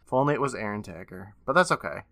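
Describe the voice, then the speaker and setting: A man's voice: lowish voice, lively intonation, fast, sharp tone. A man co-hosting a podcast, chatting enthusiastically with frequent laughs and swearing. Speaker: podcast co-host. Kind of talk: casual chat.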